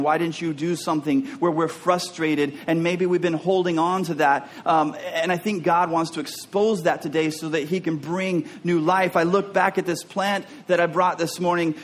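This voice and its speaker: A man preaching a sermon as a pastor, talking in an earnest, openly personal way and often repeating words as he restarts. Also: high voice.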